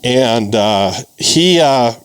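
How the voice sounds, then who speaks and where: A man leading a live investing class for a large audience, energetic and emphatic, with a motivational push. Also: medium pitch, extremely slow, clear, resonant tone, low-quality recording. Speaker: investing instructor. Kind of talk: live seminar teaching.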